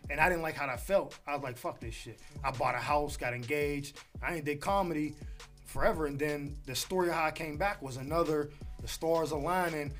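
Man, thirties, comedian, lively storytelling, acts out voices, high pitch, quick delivery. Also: soft background music. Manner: animated, acts out other people's voices in his stories. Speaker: comedian guest. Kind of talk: casual storytelling chat.

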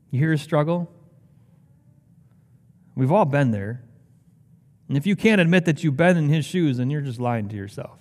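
A man's voice: lively intonation, unhurried, long pauses, a little mellow. A man preaching a sermon as pastor, reading scripture with rising, impassioned emphasis. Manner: impassioned, rising in pitch when quoting scripture. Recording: long hall reverb.

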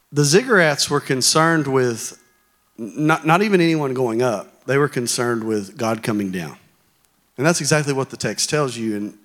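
A man's voice: medium pitch, fairly bright tone. A man preaching a sermon in a church hall, talking conversationally and joking with the congregation.

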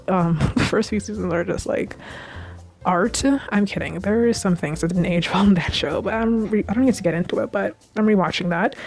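A young woman hosting a podcast in casual chat, rambling and gushing with lots of fillers, on a home mic. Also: medium pitch. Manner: chatty and rambling, with many fillers and gushing asides. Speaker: podcast host recapping a TV series.

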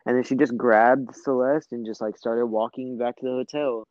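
A man's voice: mid-range voice, fairly even intonation, moderate pace, a little mellow, no echo, dull audio. A young man telling a long story in casual chat, rambling with lots of fillers and swearing.

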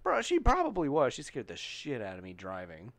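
Man, casual podcast banter, profane, lively swinging pitch. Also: brisk. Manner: profane, animated storytelling with bursts of laughter.

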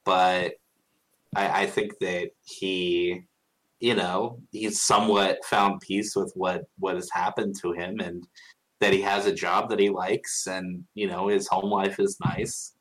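Low-voiced man thinking out loud. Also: level tone, takes it slowly, poor audio. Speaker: podcast guest, player. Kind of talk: casual chat.

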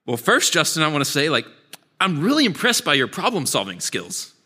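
A man voicing a kindly female school counselor in a sermon story, gently questioning and upbeat. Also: low-pitched, wildly swooping pitch, a little fast, husky, pitched above the performer's own voice, exaggerated voice. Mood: puzzled. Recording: long hall reverb.

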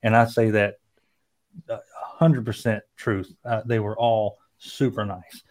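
A man with a Southern US accent, slow-talking and joking in casual podcast chat. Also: on the low side, level tone, darkish tone. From American South. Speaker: podcast co-host.

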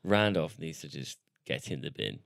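A man's voice: a bass voice, big pitch swings, moderate pace, gravelly, a bit bright, no room sound, clean studio sound. A young man co-hosting a podcast, chatting casually, laughing often and swearing freely. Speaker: podcast co-host. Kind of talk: casual chat.

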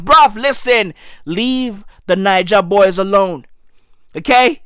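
Slow-talking slangy man ranting. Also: sits high, smooth, dry recording, studio quality. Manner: slangy, loud outbursts, repetitive. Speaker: comedic ranter. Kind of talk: profane comedic rant to camera.

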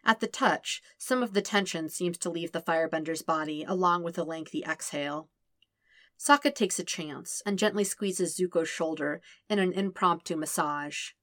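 A woman narrating a fan fiction story in an even, measured reading style, slowing and softening on tender lines. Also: fairly low pitch, dry recording, studio quality. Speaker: podfic reader.

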